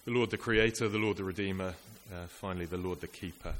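Earnest preacher in an echoey hall. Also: male voice, deep voice, fairly even intonation, quick pace, a bit bright. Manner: earnest, rhetorical, builds lists and repetitions. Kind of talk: sermon. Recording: echoey hall with faint hiss.

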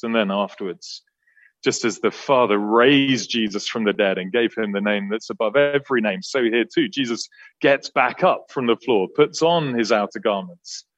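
Lower-voiced man preaching an earnest sermon. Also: no echo, dull audio. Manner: earnest expository preaching, building emphasis then dropping soft.

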